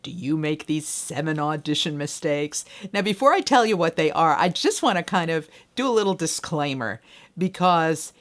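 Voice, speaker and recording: A woman's voice: sits low, lively intonation, moderate pace. A middle-aged woman voiceover coach, talking straight to the viewer in a friendly, conversational training video. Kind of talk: direct-to-camera training video.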